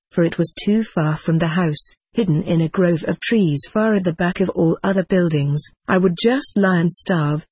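An audiobook narrator giving a steady, measured first-person storybook reading told as a cat. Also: medium pitch, breathy edge, dry recording.

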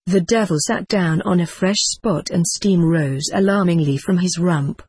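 A narrator reads a humorous tale with wry, dry humor. The voice is husky and sits at a middle pitch, and the recording is close and dry. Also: a little slow, few pauses, a little mellow, no room sound.

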